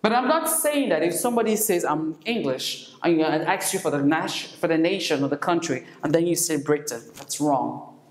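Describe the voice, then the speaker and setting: A woman teaching an English lesson, repeating each word slowly for learners to follow. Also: deep voice, expressive. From not from Senegal. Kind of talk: classroom lesson. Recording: echoey room, faint noise.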